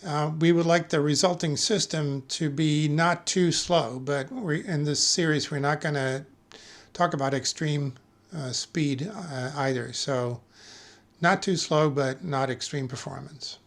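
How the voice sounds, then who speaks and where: A man giving a technical lecture as a conference speaker, measured and careful, pausing often with fillers and correcting himself mid-word. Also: fairly high pitch, steady tone. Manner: measured, with frequent filler pauses and self-corrections.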